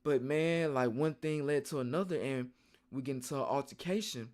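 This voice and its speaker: A young man streaming, telling a rambling story in a casual, slangy and animated way. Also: medium pitch, normal speed.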